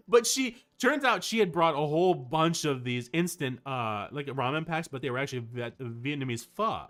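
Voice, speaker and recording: A man streaming casual chat, telling a story in an animated way with frequent restarts. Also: on the high side, normal speed, few pauses.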